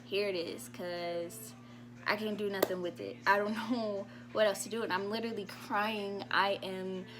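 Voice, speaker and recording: A woman's voice: mid-range voice, steady tone, moderate pace, over music. Emotional woman sharing a faith testimony. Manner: heartfelt, emotional, laughs between lines. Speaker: vlogger. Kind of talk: personal faith testimony vlog.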